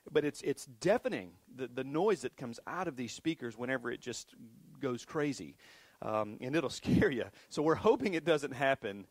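A man's voice: medium pitch, lively intonation, normal speed, dry recording. A middle-aged man preaching as a pastor, talking casually with many restarts and self-deprecating asides. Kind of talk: sermon. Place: church sanctuary.

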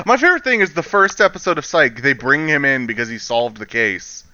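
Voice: mid-range voice, animated, normal speed, bright, forceful tone, no echo, lo-fi sound. A speaker in casual chat, teasing the others and laughing often.

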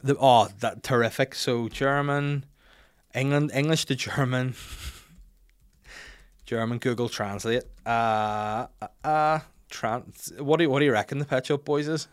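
A young man hosting a podcast, telling a rambling, self-mocking story and getting louder when he quotes himself. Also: mid-range voice, fairly even intonation, unhurried, clear, resonant tone. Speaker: podcast host. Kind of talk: casual chat and anecdote.

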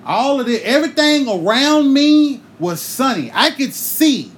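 A man hosting a podcast, telling a comic story in a loose, profane, animated way and breaking into sung bits now and then. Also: extremely high pitch, unhurried, slight background noise. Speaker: podcast host.

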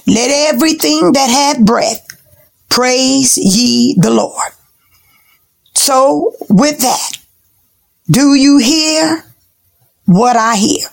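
A woman preaching a sermon in a slow, rhythmic style, repeating phrases and sometimes dropping to a hushed, whispery delivery. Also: on the high side, creaky.

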